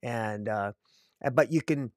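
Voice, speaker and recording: A man's voice: mid-range voice, slow, no echo, clean studio sound. A man reviewing comic books alone, rambling with many fillers and restarts. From Canada. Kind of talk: casual solo review.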